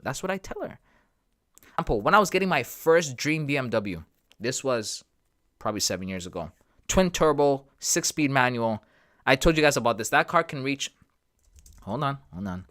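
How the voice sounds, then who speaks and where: A man's voice: a little high, big pitch swings, a little fast, fairly bright tone. A man hosting a live trading stream, talking straight to his viewers in a casual, emphatic, repetitive way. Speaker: trading livestream host.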